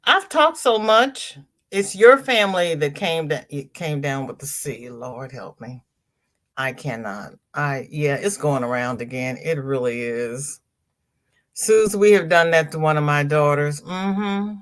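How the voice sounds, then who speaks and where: On this crochet livestream, the older female host has a low-pitched, fairly bright voice with lively intonation and an unhurried pace. She chats casually, greets each viewer by name, reads comments out loud and repeats phrases to stress them.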